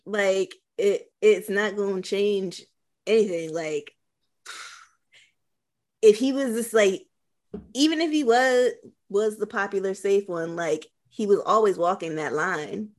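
A woman's voice: medium pitch, slow. A woman guest on a podcast, laid-back and agreeable in casual chat.

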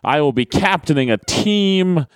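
A man co-hosting a casual wrestling podcast, with a lively, up-and-down delivery. He jokes dryly and laughs a lot. The sound is close and dry. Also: on the high side, a little slow, clean tone, no room sound. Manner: laughs often, jokey and dry. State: tired and sore. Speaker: podcast co-host and pro wrestler.

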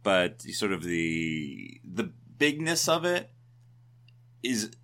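Deep-voiced chatty man co-hosting a podcast. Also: sing-song, extremely slow, bright, forceful tone. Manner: chatty, digressive and upbeat. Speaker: podcast co-host. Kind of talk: casual chat.

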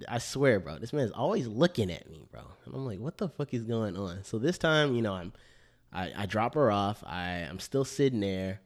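Male podcast co-host, lowish voice, slangy storyteller. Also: normal speed. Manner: slangy, animated storyteller, repeats "bro". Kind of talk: casual storytelling chat.

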